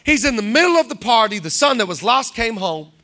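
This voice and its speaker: A man preaching a lively sermon as pastor, joking with the crowd, acting out the people in his story and building to shouted climaxes. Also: very high-pitched, brisk. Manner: animated, joking, acts out quoted characters, builds to shouted climaxes. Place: church hall, live congregation.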